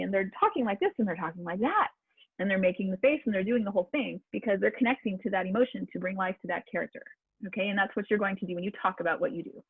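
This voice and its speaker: A woman's voice: mid-range voice, slightly rough, no echo. A woman voice coach teaching a public speaking class online, chatty and encouraging, with fillers and restarts. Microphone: video call. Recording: tinny video-call audio, dry.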